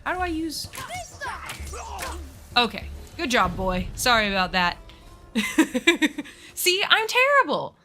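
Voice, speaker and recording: Slow-talking woman streaming a game. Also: on the high side, sing-song, bright, forceful tone, soft background music. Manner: chatty, swears at enemies, self-mocking. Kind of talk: casual live-stream gameplay chat.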